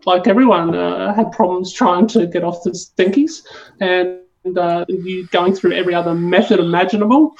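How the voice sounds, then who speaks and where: A woman's voice: on the low side, steady tone, normal speed, a little mellow, muffled recording. A woman from Australia with an Australian accent, a podcast guest chatting casually and rambling a little, with lots of fillers and restarts. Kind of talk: casual chat.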